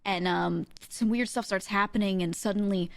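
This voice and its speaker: A woman streamer in casual chat, animated and giggly, often breaking into exclamations and laughter. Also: mid-range voice, moderate pace, vocal fry, no echo.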